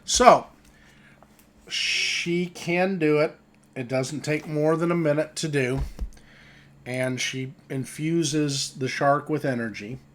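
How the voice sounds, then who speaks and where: A man with a slightly high voice runs a tabletop role-playing game, speaking slowly. He narrates scenes and reads rules in an easygoing manner, chuckling frequently.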